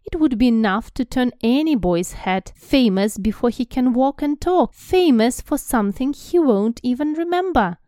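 A woman reading aloud as a calm, firm old man wizard headmaster in her own voice. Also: a little high, normal speed, few pauses, no room sound, clean studio sound, voice pushed up, lightly acted.

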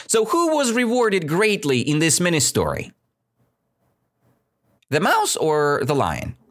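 A man teaching English vocabulary in a casual lesson, asking questions and tagging sentences with "right?", with non-native grammar. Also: mid-range voice. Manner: animated, asks many questions, says "right?" often. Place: indoors, drinking coffee at the mic.

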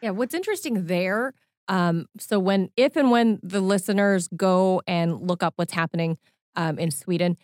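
A woman's voice: fairly low pitch, normal speed, a little mellow, no echo, clean studio sound. A woman co-hosting a talk show who talks in a conversational way and often laughs lightly. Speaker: co-host.

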